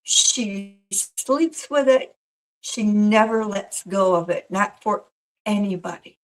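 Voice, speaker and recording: A woman's voice: medium pitch, slow, rough recording. A woman working as a professional Mrs. Claus tells a story in a casual interview, slipping into the voices of the people she describes. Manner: animated storyteller who acts out quoted voices.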